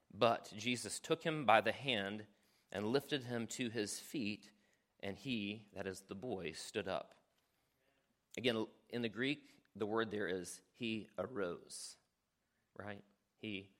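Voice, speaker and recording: A man preaching a sermon as a pastor, earnest and conversational, often checking in with the congregation and sometimes dropping to a hushed near-whisper for emphasis. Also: lowish voice. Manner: earnest, conversational preaching with frequent "right?" asides.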